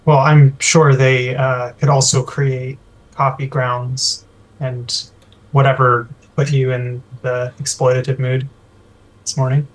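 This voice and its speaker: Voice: mid-range voice, level tone, takes it slowly. A player in a tabletop game, speaking in a dry, skeptical way. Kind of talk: casual tabletop game play.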